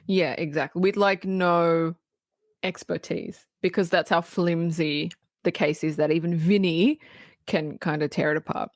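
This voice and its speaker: A woman co-hosting a podcast, casually recapping a film in animated detail, acting out the characters' lines and swearing freely. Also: fairly low pitch, unhurried, no echo, studio quality. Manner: animated storytelling, acting out quoted lines, frequent laughs and swearing. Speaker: podcast co-host.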